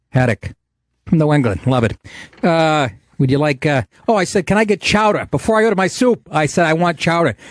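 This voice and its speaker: A man's voice: mid-range voice, no room sound, clean studio sound. A middle-aged man hosting a podcast, telling a profane, indignant comedic story in a rant. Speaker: podcast host.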